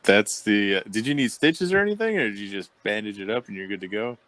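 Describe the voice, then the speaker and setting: A man's voice: lowish voice, animated, fast talker, fairly bright tone, a little hiss or hum. A man hosting a podcast, running a loose, joking, profane casual chat. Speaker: podcast host.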